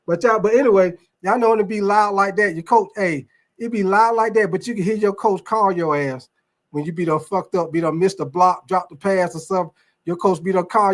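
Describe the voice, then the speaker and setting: A man's voice: high-pitched, brisk. A man hosting a casual sports talk stream, rambling loosely and swearing while he talks to his viewers. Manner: loose, rambling, profane, addresses viewers as y'all. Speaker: sports show host. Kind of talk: casual live sports talk, reacting to chat.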